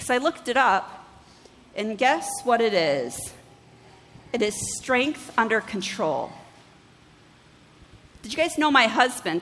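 A woman pastor preaching a sermon, telling stories with lively acted-out dialogue and asking the congregation questions. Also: a little high, measured pace, long reverb tail, low-quality recording. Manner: animated storytelling, acts out her own dialogue with God. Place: church.

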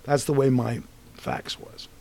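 A man's voice: medium pitch, a little slow, gravelly. A man in his sixties, an actor telling rambling stories about his career in a casual interview. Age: 60s. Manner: animated, rambling anecdotes with restarts. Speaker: actor guest.

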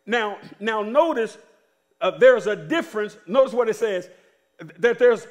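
High-voiced preaching pastor, slow delivery. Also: male voice, lively intonation. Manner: preaching with call-and-response to the congregation; drawn-out emphatic phrasing when reading scripture. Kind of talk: sermon.

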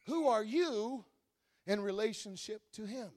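A male pastor from Wisconsin, preaching a sermon that swings between quiet teaching and loud, shouted exhortation. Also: sits high, expressive, unhurried.

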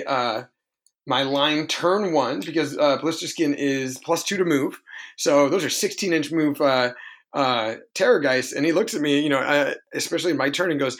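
A man's voice: on the high side, a bit bright. A man co-hosting a podcast, recounting a tabletop wargame in a rambling, self-correcting way. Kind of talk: casual podcast chat.

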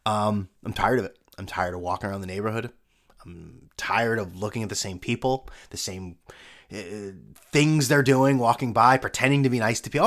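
A man's voice: on the low side, moderate pace, a bit bright. A middle-aged man hosting a casual solo podcast, rambling and sarcastic, putting himself down. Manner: sarcastic, rambling, self-mocking. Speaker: podcast host.

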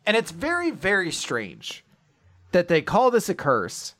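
Bright-voiced man recapping a story. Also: high-pitched, wildly swooping pitch, a little slow. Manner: rambling storytelling with quoted character lines. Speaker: podcast co-host. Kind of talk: casual chapter recap chat.

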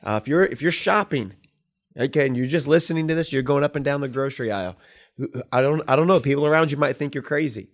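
A man's voice: mid-range voice, fast talker. Man playfully hyping up a joke. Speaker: podcast host. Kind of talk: casual chat.

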